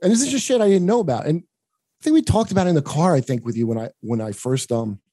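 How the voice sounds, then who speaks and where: A man from the United States talks on a podcast in a rambling, profane, joking way, full of restarts. His voice sits a bit high but sounds very dark and mellow. The recording is dry and close, with no room in it. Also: lively intonation, quick pace, dry recording. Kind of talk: casual podcast chat.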